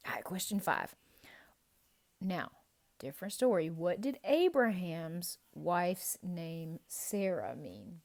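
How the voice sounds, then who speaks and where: Lady running a kids quiz, real bouncy sing-song voice, takes it slow. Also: lowish voice. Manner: playful, animated and encouraging, drawn-out answer reveals. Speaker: children's ministry teacher.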